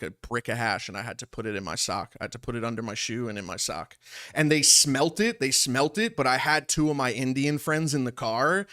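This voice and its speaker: A man's voice: mid-range voice, sharp tone. A young man from Long Island, streaming commentary in an indignant, rambling way that repeats itself. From Long Island, New York. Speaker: streamer reacting to a livestream. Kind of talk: heated commentary over a played stream.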